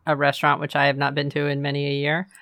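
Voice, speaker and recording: Female podcast co-host, low voice, playful rambling chat, dry recording. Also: completely flat delivery, quick pace, fairly bright tone, dry recording. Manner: playful, rambling, thinks aloud. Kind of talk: casual chat recapping a TV show.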